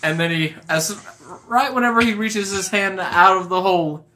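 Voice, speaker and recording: Man storyteller, bright tone, rambling, filler-heavy comic improv. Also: high voice, normal speed, slight background noise. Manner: rambling, many fillers, laughs at own story.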